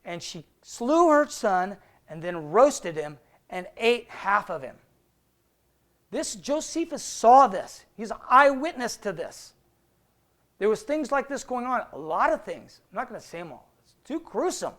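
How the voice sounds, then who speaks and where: A man's voice: sits high, sing-song, a bit bright. Man teaching scripture, conversational and questioning. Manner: conversational, asks rhetorical questions, reads old scripture slowly. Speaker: Bible teacher. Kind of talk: casual Bible study teaching.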